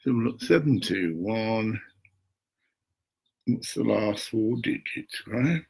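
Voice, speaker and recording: An older man with a gravelly, husky voice talks slowly to camera from his home. He rambles, mutters half to himself and swears now and then. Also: on the low side, expressive, low-quality recording. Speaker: vlogger.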